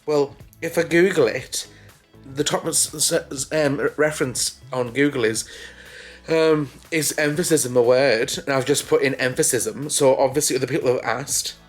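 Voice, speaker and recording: Man, casual vlog chat, insistent, mid pitch. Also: steady tone, normal speed, faint music behind. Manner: chatty and insistent. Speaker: vlogger.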